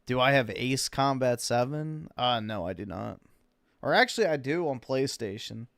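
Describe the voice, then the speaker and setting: A man chimes in on a casual stream chat with blunt, crude remarks. His voice is smooth and clear at a middle pitch. The sound is dry and close. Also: lively intonation, normal speed, a bit bright, no room sound.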